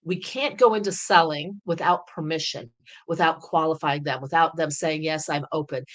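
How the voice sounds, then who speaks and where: Persuasive woman sales coach, lowish voice. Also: normal speed. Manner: talks through sample scripts, energetic and persuasive. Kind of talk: coaching lesson.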